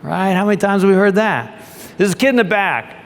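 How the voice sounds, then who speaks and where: A man giving a keynote talk as a former submarine captain, animated and acting out the voices in his story. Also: fairly quick. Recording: long hall reverb with faint rumble.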